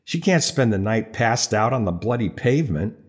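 A man's voice: fairly low pitch, big pitch swings, normal speed. A man voicing a pushy young man who insists on rescuing a stranger, wheedling and insistent.

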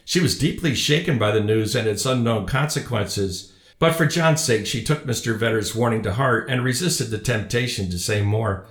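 A man narrating an audiobook in a measured, even storytelling manner. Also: medium pitch. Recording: roomy echo.

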